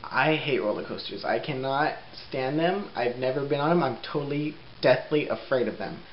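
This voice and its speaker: A young man vlogging at home in a casual, rambling way, laughing often and filling pauses with ums. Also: medium pitch. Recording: roomy, dull lo-fi sound with faint hiss.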